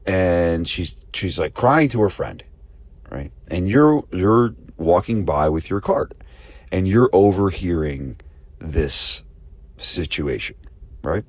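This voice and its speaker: A man's voice: low voice, lively intonation, slow, no echo. A man hosting a podcast for gym owners, talking casually and telling a story with rhetorical questions. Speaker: podcast host and gym business coach. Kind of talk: casual spoken promo and talk.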